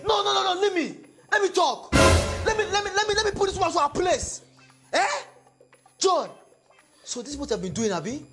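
A woman's voice: on the high side, big pitch swings, normal speed, pauses often. A woman with a Nigerian accent acting an exasperated husband who scolds his wife in a comedy skit. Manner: scolding, mixes Nigerian Pidgin. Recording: music playing underneath.

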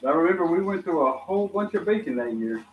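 A man in a casual family chat, speaking in a low-key way. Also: lively intonation, quick pace, a little hiss or hum. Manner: low-key, says he does not remember. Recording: distant, echoey, dull lo-fi sound, faint ambience.

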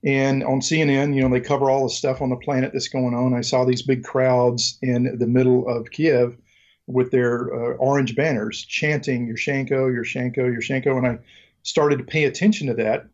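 A middle-aged man from Mississippi, speaking with a Southern accent, guests on a casual interview and tells stories in a rambling, joking manner, full of ums and restarts. His voice is medium-pitched, level, and darkish, at a moderate pace, with the highs cut off.

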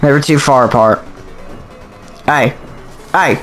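Man, casual game commentary, slow delivery, lively pitch, reactive. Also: soft background music. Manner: chatty, reactive, thinking aloud. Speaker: let's play host.

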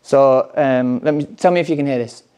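A man gives a frank personal testimony to a conference audience. His voice is mellow and warm, set at a middle pitch. His delivery is conversational, with emphatic passages when he reads scripture aloud. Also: normal speed, highs cut off, a little hiss or hum. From England. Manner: candid, conversational, with bursts of emphatic scripture reading. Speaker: conference speaker.

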